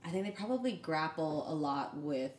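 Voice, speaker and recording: A woman's voice: deep voice, expressive, moderate pace, darkish tone, echoey room, a little hiss or hum. A woman co-hosting a podcast in casual chat, giving short attentive responses. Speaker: podcast co-host.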